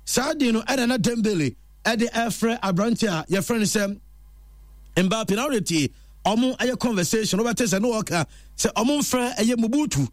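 High-voiced man reading football news. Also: animated, moderate pace, no echo, clean studio sound. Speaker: sports news presenter.

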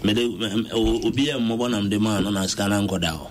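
Relaxed Ghanaian man interviewing. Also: on the low side, quick pace. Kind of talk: casual interview. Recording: faint background noise.

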